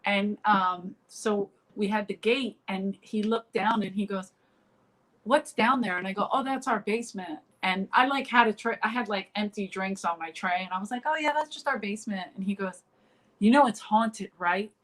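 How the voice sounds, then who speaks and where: A woman's voice: medium pitch, fairly even intonation, moderate pace, a bit bright, low-quality recording. Rambling woman comedian telling stories. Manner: rambling, full of fillers and restarts. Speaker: comedian guest. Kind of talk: casual interview storytelling.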